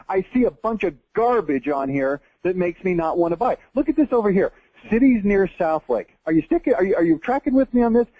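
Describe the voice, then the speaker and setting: A Texan marketing presenter in his forties runs a blunt, emphatic tutorial over a screen share, tossing in mocking asides. His voice sits high and is mellow with a breathy edge. The audio is poor but has no echo.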